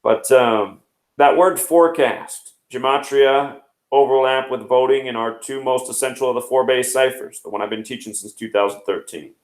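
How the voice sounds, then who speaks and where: A man in his thirties hosts a news commentary show, reeling off one number after another in a rapid, explaining manner. His voice sits at a middle pitch. The recording has a noticeably echoey room sound. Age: 30s. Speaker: host.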